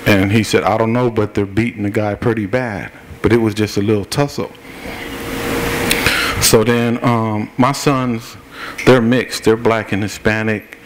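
Man, middle-aged, activist at a forum, plain-spoken account, fairly low voice, acts out quotes, faint background hiss. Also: steady tone, measured pace. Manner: plain-spoken, recounts events step by step and acts out what people said. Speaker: activist speaking at a political forum. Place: forum meeting room.

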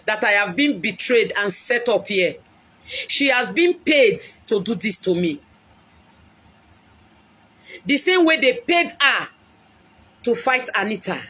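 A woman's voice: medium pitch, fairly bright tone, husky. A woman with a Nigerian accent, a prophetess speaking on a live stream in an impassioned way, repeating lines for emphasis. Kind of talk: emotional live-stream address.

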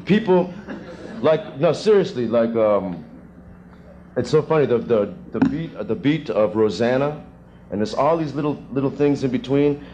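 A man in his thirties, a session drummer, answering students' questions in a rambling, animated way with chuckles, in a music school classroom. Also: medium pitch, moderate pace, muffled recording, slight background noise. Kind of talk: casual Q&A with students.

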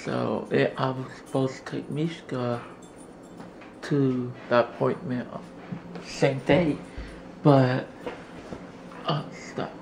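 A man vlogging casually from his home, talking to his camera and coaxing his dog in a high, playful voice between rambling updates. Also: fairly even intonation, slow pace, gravelly, long pauses. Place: home indoors. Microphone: handheld camera. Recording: noisy home camera audio.

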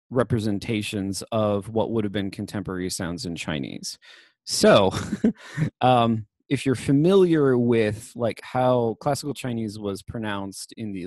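A man's voice: on the low side, a little mellow, no echo. A young man giving a casual university lecture on literature, chatty and full of fillers and self-corrections.

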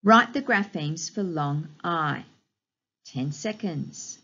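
A woman teaching a recorded phonics lesson to young children, giving slow, clear, encouraging instructions and drawing out each sound. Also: lowish voice, expressive, bright, forceful tone, dull audio. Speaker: primary school teacher.

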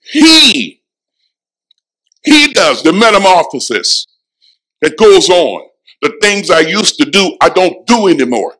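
A man preaching a sermon as pastor in a church, emphatic, dropping to a hush and rising again, repeating lines for effect. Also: sits high, big pitch swings, a little slow, poor audio. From Florida. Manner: emphatic preaching, swings from hushed to loud. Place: church sanctuary.

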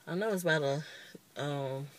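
A woman's voice: sits low, a little slow, dry recording. A woman in her twenties giving a casual, rambling makeup review, openly annoyed and chatty. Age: 20s. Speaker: beauty vlogger.

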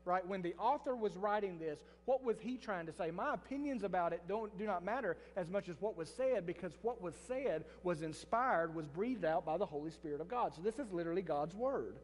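A pastor preaching a sermon in church, telling a story with restarts and asides to the congregation. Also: male voice, high voice, expressive, a little fast, few pauses, long reverb tail. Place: church sanctuary.

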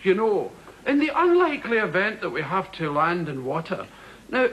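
Lively Scottish man spinning comic stories. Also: moderate pace. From Scotland. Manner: animated, bursts into high voices for quotes. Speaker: talk show guest. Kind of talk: comic storytelling. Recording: noisy broadcast recording.

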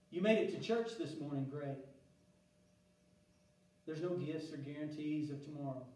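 A male pastor preaching a sermon, swinging between loud exclamation and hushed, soft passages, with frequent restarts. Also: on the high side. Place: church sanctuary. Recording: very echoey church room, mic at a distance.

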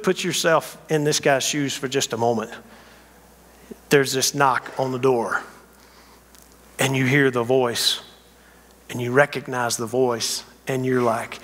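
A man preaching a sermon as a guest speaker in a church, telling stories in an animated way and acting out scenes. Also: fairly high pitch, a little slow, big-room sound. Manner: animated storytelling, acts out scenes. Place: church sanctuary.

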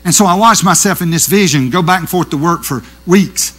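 A middle-aged man, preaching a sermon with animated storytelling that swings from loud to hushed. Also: sits high, brisk.

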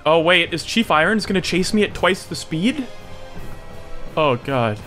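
Young guy yelling and muttering through a game, bright slightly high voice, freaks out a lot, faint music behind. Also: a little slow. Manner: excitable, yelps and shouts in panic, then mutters low. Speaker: gaming YouTuber. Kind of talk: live gameplay commentary.

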